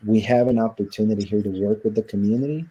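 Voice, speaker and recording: Husky, dark-voiced man telling his story. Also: lowish voice, fairly even intonation, quick pace, muffled recording. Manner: recounts events by acting out quoted dialogue. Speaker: interview guest. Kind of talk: storytelling in a sit-down interview.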